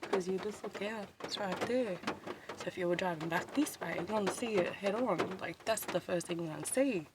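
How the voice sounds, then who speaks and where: A woman's voice: fairly low pitch, normal speed, heavy background noise. A woman with an Australian accent, talking in a meandering, casual vlog from a parked car, laughing often and swearing casually. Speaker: vlogger. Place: inside a parked car, back seat.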